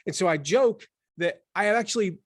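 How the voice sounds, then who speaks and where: A man in his forties from the Southern United States, talking as an author in an interview, animated and full of restarts. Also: sits high, fairly quick, no room sound, studio quality. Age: 40s. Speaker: author and guest. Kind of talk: conversational interview.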